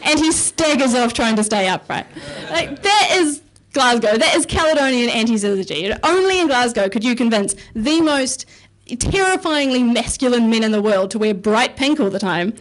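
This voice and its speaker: A woman's voice: a little high, animated, normal speed, hardly any pauses. A woman performing a self-mocking stand-up set on a comedy club stage, chatty and casually swearing. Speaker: stand-up comic and researcher.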